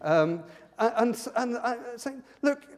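High-voiced preacher in a reverberant hall. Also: male voice. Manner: halting, repeats words, rises and drops in pitch and loudness. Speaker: pastor. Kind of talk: sermon.

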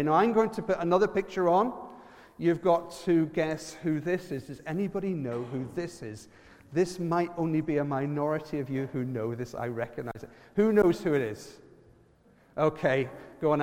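High-voiced Irish preacher, echoing hall. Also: male voice. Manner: lively, uses props and questions to the congregation. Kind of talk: sermon.

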